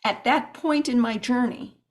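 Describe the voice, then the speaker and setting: A woman telling stories as a podcast guest, animated and rambling with restarts and asides. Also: on the high side, measured pace. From United States. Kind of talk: podcast interview storytelling.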